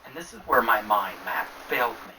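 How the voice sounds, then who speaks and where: A man narrating a first-person horror story in a hushed, often whispering voice. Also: on the low side, very animated, fairly quick. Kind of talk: scripted narration. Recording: distant mic with clear noise.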